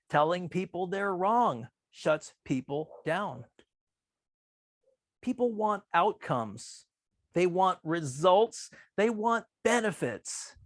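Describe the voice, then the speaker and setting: A man giving a talk on persuasion, speaking in a calm, measured way and acting out quoted remarks with changes in pitch. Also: creaky, no echo, clean studio sound. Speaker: workshop presenter. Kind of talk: presentation on persuasive communication.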